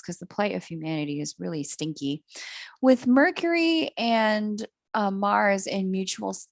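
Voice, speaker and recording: Gravelly, candid woman astrology reader. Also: medium pitch, dry recording, studio quality. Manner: candid, laughs at herself, swears casually. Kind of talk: live-stream reading.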